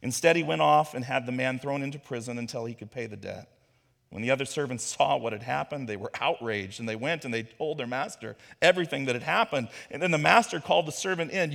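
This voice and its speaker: A man preaching a sermon, telling a parable with animated storytelling and bits of acted dialogue. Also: medium pitch, a little fast, gravelly. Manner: animated storytelling, acts out Peter's voice. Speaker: pastor. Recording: long hall reverb.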